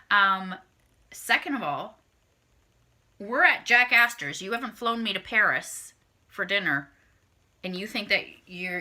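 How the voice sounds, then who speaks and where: A woman's voice: mid-range voice, pushed and bright. A woman, telling a dating story to camera in a blunt, profane, casual way. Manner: blunt, heavily profane, acts out her own reactions. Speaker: vlogger.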